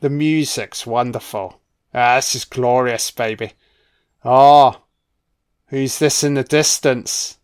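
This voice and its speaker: Slow, smooth-voiced man commenting. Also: mid-range voice. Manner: relaxed, profane, admiring asides. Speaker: film commentator. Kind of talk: casual film commentary.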